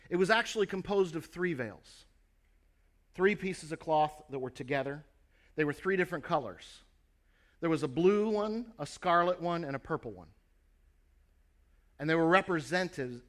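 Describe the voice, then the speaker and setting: A man's voice: on the high side, animated, normal speed, a bit bright. A man preaching a sermon, earnestly telling a story and speaking straight to his listeners.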